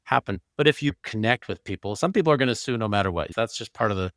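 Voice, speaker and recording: A man's voice: lowish voice, expressive, fast, a bit bright, no echo, studio quality. A man hosting a podcast for doctors, responding conversationally and reflectively to his guest. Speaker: podcast host, physician. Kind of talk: conversational interview.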